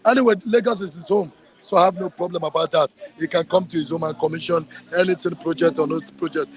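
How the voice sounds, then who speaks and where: A man's voice: fairly high pitch, fast talker, faint music behind. A man with a Nigerian accent giving fiery, ranting street commentary outdoors, mixing in Yoruba phrases. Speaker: street interviewee.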